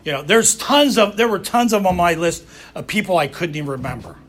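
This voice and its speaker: A man's voice: sits high, animated, a little fast, fairly bright tone, a little hiss or hum. A middle-aged man with a Southern US accent giving a raw, blunt personal talk about recovery, swearing freely. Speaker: recovery speaker.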